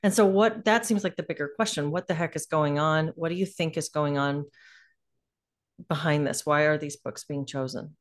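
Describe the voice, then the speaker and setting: A woman hosting a podcast interview, asking thoughtful questions in a halting way with restarted phrases. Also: deep voice. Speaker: podcast host.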